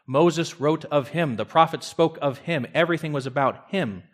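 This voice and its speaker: A man's voice: on the high side, normal speed. Earnest man preaching with emphatic swings. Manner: earnest preaching, emphatic rises and drops, occasional stammered restarts. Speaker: pastor. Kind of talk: sermon.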